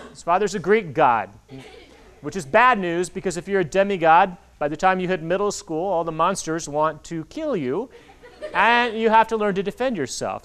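Lively man telling stories to kids. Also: high voice, smooth. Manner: animated storytelling, acts out quoted voices. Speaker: author speaking to kids. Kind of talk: library talk with slides. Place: public library hall. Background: audience of children.

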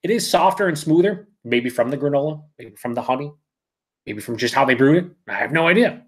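A man hosts a live beer review, chatting casually, reading out viewer comments, rambling and correcting himself. His medium-pitched voice is animated and a little fast.

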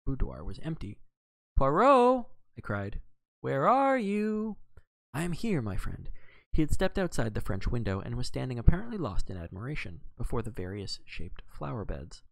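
A man reading a novel aloud on a live stream in an expressive way, with occasional slips and self-corrections. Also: on the low side, gravelly, no echo, low-quality recording. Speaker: reader.

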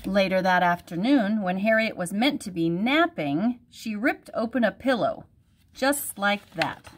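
A woman, a teacher, reading a picture book aloud at home for her class in a gentle storytelling manner. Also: medium pitch, animated, unhurried, a little hiss or hum.

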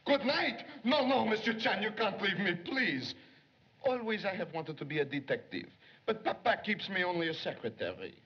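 An actor playing an excitable young male police secretary who longs to be a detective, in 1930s film acting, jumpy and pleading. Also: on the high side, brisk, slightly rough, full character voice. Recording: dull 1930s film soundtrack.

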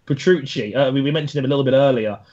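A man co-hosting a casual motorsport chat, enthusiastic and halting with frequent restarts. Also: mid-range voice, warm tone, muffled recording. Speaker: podcast co-host.

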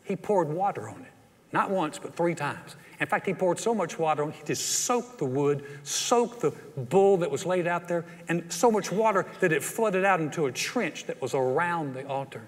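A man with a Texan accent preaching a sermon as pastor, telling the story with animated energy and acting out the quotes. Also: a little high, moderate pace. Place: church sanctuary. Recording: long church hall reverb.

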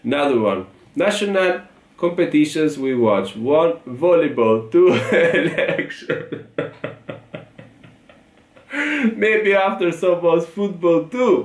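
A man's voice: a little high, very animated, slow pace, long pauses. A man with an Italian accent hosting a reaction video, reading tweets aloud, laughing often and repeating short phrases. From Italy. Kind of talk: reacting to tweets, casual chat. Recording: echoey room.

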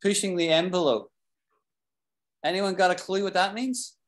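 A British man teaching an English class, explaining expressions slowly, repeating key phrases and asking his students questions. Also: high voice. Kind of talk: live online English lesson.

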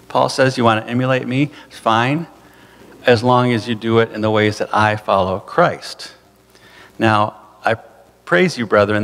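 A man with a low, gravelly voice preaches in an easy, conversational way, trailing into fillers and little asides. His voice carries a long church reverb. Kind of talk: sermon. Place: church sanctuary.

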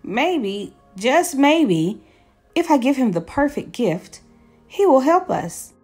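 A woman's voice: high voice, big pitch swings, slow pace, darkish tone, breathy edge, soft background music, pitched above the performer's own voice, full character voice. A woman voicing a small, eager bear cub in a storybook read-aloud, speaking earnestly and stammering when nervous. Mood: hopeful. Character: eager little bear boy.

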